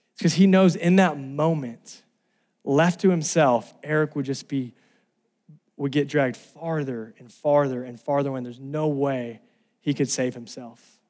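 Man preaching a story-driven sermon. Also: fairly high pitch. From Los Angeles. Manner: storytelling, rising to loud exclamations. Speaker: pastor.

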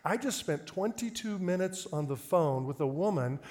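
Man, high voice, preaching, animated storytelling, acts out quotes. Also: moderate pace. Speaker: pastor. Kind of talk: storytelling sermon.

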